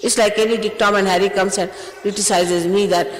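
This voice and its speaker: A woman's voice: mid-range voice, fairly even intonation, a little fast, a little hiss or hum. A woman, a spiritual teacher sternly admonishing her followers in a spiritual talk. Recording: echoey hall recording.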